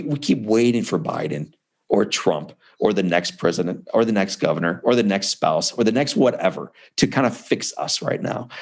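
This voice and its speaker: Man in his forties, low gravelly voice, emphatic conversational storytelling, heartfelt interview guest. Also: darkish tone. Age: 40s. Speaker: author and speaker, guest.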